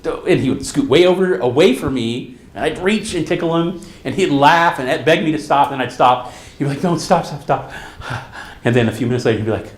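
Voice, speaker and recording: A man's voice: medium pitch, fairly quick, hardly any pauses, roomy sound. A middle-aged man, a therapist, giving a conference talk, telling stories and acting out the quotes. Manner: storytelling, animated, acts out quotes. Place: conference hall.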